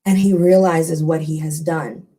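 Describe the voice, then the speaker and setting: A woman telling a ghost story in an expressive, animated storytelling style. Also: low voice, a little slow. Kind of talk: dramatic oral storytelling.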